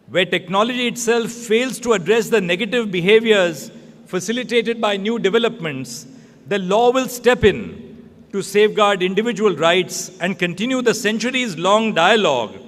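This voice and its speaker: A man's voice: high voice, fairly bright tone. Man speaking formally in a reverberant hall. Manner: measured, deliberate delivery in short phrases. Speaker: speaker giving a speech. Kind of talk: formal prepared speech.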